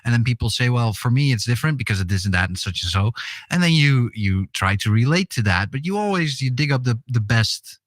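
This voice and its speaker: A man's voice: medium pitch, expressive, brisk, no echo, studio quality. A man co-hosting a casual podcast conversation, teasing and hesitant, with many fillers. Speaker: co-host.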